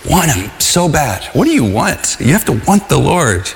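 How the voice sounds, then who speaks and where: A man's voice: on the high side, big pitch swings, creaky. Earnest man preaching in a reverberant hall. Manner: earnest, conversational, with shouted cries and halting restarts. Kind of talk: sermon.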